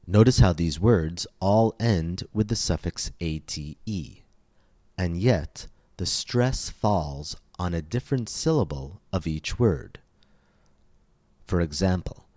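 A man teaching English pronunciation in a scripted podcast lesson, speaking deliberately and stressing each syllable clearly. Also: low voice, warm tone, no echo.

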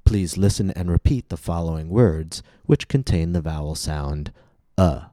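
A man with an American accent hosting a pronunciation podcast, reading a scripted lesson slowly and with careful enunciation. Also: deep voice, expressive, mellow, no room sound, studio quality. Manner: slow, carefully enunciated teaching delivery.

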